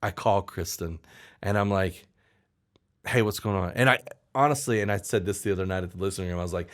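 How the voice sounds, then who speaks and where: A man's voice: low voice, fairly quick. A male songwriter telling a story in casual chat, acting out the people he quotes. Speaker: songwriter guest.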